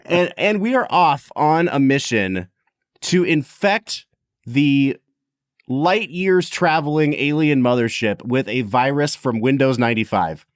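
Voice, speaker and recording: A man's voice: medium pitch, measured pace, dry recording, studio quality. A man co-hosting a podcast, chatting casually and joking often. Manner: animated, jokey, laughs often. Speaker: podcast co-host.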